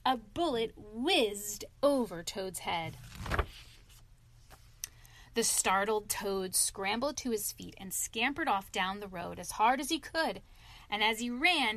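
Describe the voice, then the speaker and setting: A woman reading a classic children's story aloud in an expressive way, now and then stumbling over a word. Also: medium pitch, no room sound. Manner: expressive reading with occasional slips.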